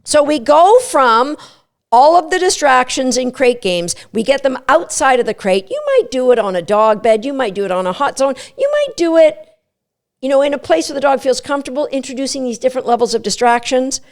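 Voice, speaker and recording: A middle-aged woman hosting a dog training podcast, animated and playful, often breaking into quick voices for what a dog might be thinking. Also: high voice. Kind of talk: podcast teaching talk.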